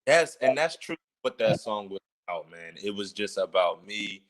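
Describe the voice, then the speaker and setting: Low-voiced laid-back man. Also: animated, normal speed, a bit bright, slight background noise. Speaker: guest musician. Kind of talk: casual chat.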